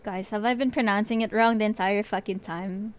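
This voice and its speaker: Speaking a little fast, a woman with a medium-pitched voice and fairly even intonation streams as a vtuber as she paints. She's playful with her viewers, swears in passing, and muses aloud to chat.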